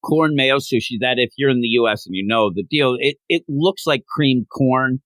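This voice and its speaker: On a comic book podcast, a male co-host with a medium-pitched voice retells scenes in casual chat. He's animated, acting out the characters' lines in quick voices, and the recording is dry.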